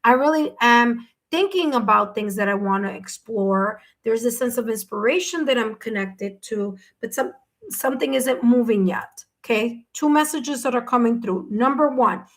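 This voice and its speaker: A woman doing a live tarot reading for viewers, her voice sitting a little on the high side. She talks in a gentle, reassuring way and keeps checking in with the listener as she goes. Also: moderate pace. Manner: gentle, reassuring, says "okay?" and "my dear" often. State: hiccups. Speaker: tarot reader.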